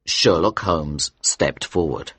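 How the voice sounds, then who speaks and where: Slow, husky male storyteller. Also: rumbling low, no room sound. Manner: slow, clear and expressive. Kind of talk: story reading for English learners.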